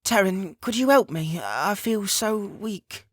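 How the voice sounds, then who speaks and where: A frail older mother speaks in a high, breathless, wondering voice, as a male narrator puts her on. Her talk rises and falls in lively arcs. The reading is close and dry, with no room sound. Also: slow pace, no echo. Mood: warm. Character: frail, tender older mother, just healed.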